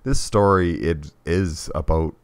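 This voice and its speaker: A man co-hosting a podcast, talking about a movie in a loose, rambling way and often trailing off softly. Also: deep voice, measured pace, no room sound. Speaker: podcast co-host. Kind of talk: casual movie discussion.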